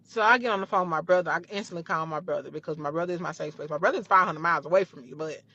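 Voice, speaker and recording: Bright-voiced woman telling a profane story. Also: fairly low pitch, rapid-fire. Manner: animated, profane, blunt. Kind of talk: casual storytelling. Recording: dull, dry lo-fi clip.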